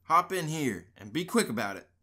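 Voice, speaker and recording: Woman doing a gruff big tough dog. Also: sits low, very animated, normal speed, bright, forceful tone, voice pushed down, heavily acted. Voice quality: gruff growling voice. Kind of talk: storybook read-aloud.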